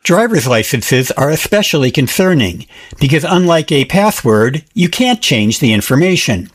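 A man's voice: fairly high pitch, very animated, normal speed. A man hosting a short radio tech report in a scripted news delivery.

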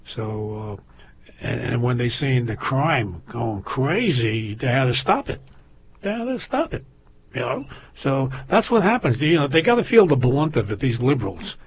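An older man talking casually, his husky voice winding through long stories full of restarts. He sits at a mid pitch. The recording is muffled and lo-fi. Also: big pitch swings, moderate pace. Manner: rambling storyteller with many restarts. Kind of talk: casual chat. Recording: lo-fi muffled audio.

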